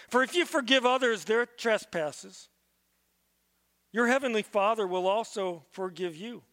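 A pastor with a high, slightly bright voice preaches a sermon at a measured pace, reading scripture aloud and then earnestly teaching on it. He often repeats a word when restarting, and a big room gives the recording a long reverb.

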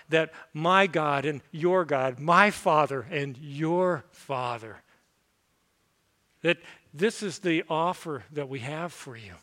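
A male pastor preaches in an earnest, personal way and leads the congregation in repeated lines. His voice sits high for a man and has a bright, forceful ring. He is speaking in a church sanctuary. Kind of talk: sermon.

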